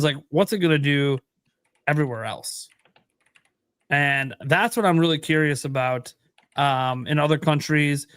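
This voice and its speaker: A man co-hosting a casual gaming podcast, rambling and restarting as he thinks out loud through sales figures. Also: fairly high pitch, smooth, no echo, clean studio sound. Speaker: podcast co-host.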